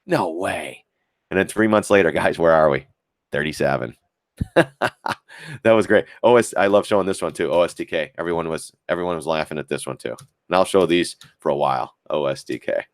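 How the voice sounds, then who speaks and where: A man's voice: low-pitched, a little fast, dry recording, studio quality. A man giving blunt, profane live-stream commentary on stock charts and talking to viewers as guys. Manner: lively, mocks critics in put-on voices.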